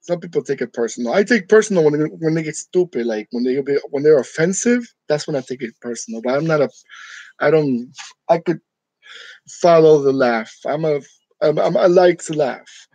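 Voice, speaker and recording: A man's voice: on the high side, expressive, moderate pace, warm tone, dry recording, low-quality recording. A man from New York chatting casually with his viewers, joking and laughing often in a room decorated for Halloween. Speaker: channel host. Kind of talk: casual live chat with viewers.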